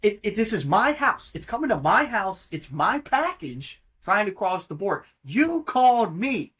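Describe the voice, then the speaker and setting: A man hosting a podcast, telling a story in a mocking, profane and animated way. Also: sits high, normal speed, slightly rough. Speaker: podcast host. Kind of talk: casual storytelling monologue.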